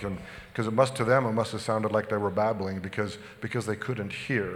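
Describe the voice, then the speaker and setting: Man, pastor preaching, a bit out of breath, loose and halting delivery, church reverb. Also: fairly low pitch, slight background noise. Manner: relaxed, halting with many restarts. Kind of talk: sermon.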